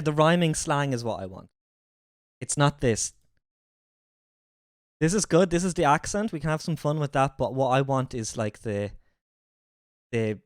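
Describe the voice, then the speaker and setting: A woman's voice: deep voice, dry recording, studio quality. A woman livestreamer chatting casually, laughing, swearing and mimicking accents while reacting to videos.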